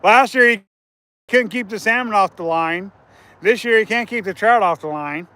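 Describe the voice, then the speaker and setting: A man's voice: high voice, moderate pace, bright, forceful tone. A man hosting a casual fishing livestream from outdoors by a river, chatting with viewers and laughing often.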